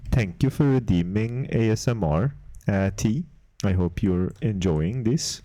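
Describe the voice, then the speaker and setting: A fairly low-voiced man chats slowly with his stream audience, answering viewer messages between stretches of art work. He puts on a deliberately terrible Swedish accent the whole time. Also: dark tone, no room sound. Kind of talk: casual livestream chat while making game art.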